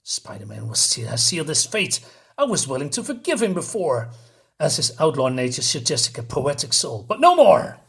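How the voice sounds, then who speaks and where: A man reading aloud as a grim young male vigilante who hunts fools, lowering his voice to a quiet, menacing tone. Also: very animated, normal speed, gravelly. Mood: cold resolve.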